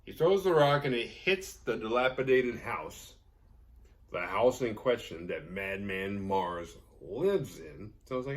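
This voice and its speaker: Lively, sarcastic male podcast host. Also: lowish voice, measured pace. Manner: rambling, sarcastic, profane. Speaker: horror movie podcast host. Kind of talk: casual movie recap with jokes.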